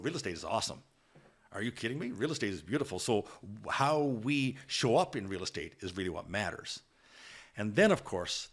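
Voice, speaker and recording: A man's voice: lowish voice, vocal fry. A man talking earnestly and emphatically as a podcast guest, with frequent restarts. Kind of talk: candid podcast conversation.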